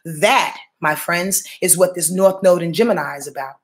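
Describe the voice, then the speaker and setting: A woman's voice: on the low side, moderate pace. A woman astrologer giving her weekly forecast in a blunt, profane, preachy way, calling out to her listeners. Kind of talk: casual spoken astrology forecast.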